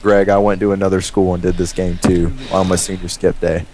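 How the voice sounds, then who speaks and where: Young dude rambling thru a storytime, kinda low voice, faint hum behind. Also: male voice, level tone, a little fast, a little mellow. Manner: rambling, swears freely. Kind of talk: casual storytime chat.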